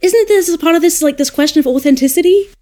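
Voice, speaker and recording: A woman with an Australian accent, an audiobook narrator talking shop in a casual roundtable discussion, thoughtful and animated when she makes a point. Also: extremely high pitch, fast.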